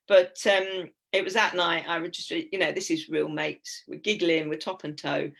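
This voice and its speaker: A woman's voice: lowish voice, gravelly, a bit bright. An English woman in her fifties gives a chatty, giggly, anecdotal talk with slides as a guest speaker. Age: 50s.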